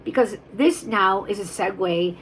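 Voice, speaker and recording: A woman's voice: mid-range voice, a little slow, slight background noise, rough recording. A woman selling vintage jewelry on camera, talking in a chatty, emotional way that wanders off on tangents. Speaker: jewelry seller. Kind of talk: rambling live sales chat.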